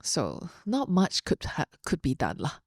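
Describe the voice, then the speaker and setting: A woman's voice: sits low, wildly swooping pitch, unhurried, creaky, dry recording, clean studio sound. A young adult woman hosting a podcast, sharing a personal story in an open, heartfelt, chatty way with fillers. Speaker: podcast host.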